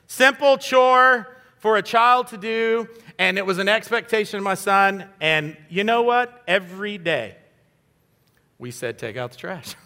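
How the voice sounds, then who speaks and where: Fifty-something guy preaching, high bright voice, chatty and self-deprecating, church hall echo. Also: lively intonation, unhurried. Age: 50s. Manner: conversational, self-deprecating, uses fillers. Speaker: guest pastor. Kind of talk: sermon. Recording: hall reverb.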